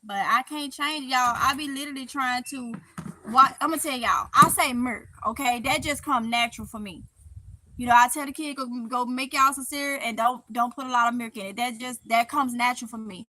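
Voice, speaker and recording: High, bright Mississippi woman chatting live. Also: brisk, a little hiss or hum, poor audio. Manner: chatty and playful, laughing often, heavy Southern dialect. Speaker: livestream host reading chat comments. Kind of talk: casual live chat.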